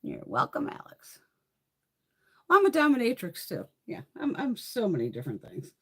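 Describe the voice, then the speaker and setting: A woman's voice: mid-range voice, huge pitch swings, normal speed, slightly rough. A woman in her fifties chatting casually on a makeup livestream, telling blunt, profane stories with frequent laughter and answering viewer comments.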